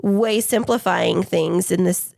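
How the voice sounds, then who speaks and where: A woman co-hosting a podcast, mid-pitched with a gravelly, creaky edge. She talks in a chatty way, shares personal examples and asks follow-up questions. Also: takes it slowly, a little mellow. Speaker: podcast co-host. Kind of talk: conversational interview.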